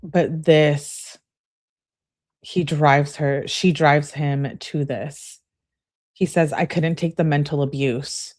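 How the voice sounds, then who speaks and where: Low-voiced woman reading texts out for a true crime vlog, quick back-and-forth, blunt asides. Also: steady tone, a little mellow. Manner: reads messages in a brisk running relay of who-said-what. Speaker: true crime channel host. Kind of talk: true crime commentary, reading text messages aloud.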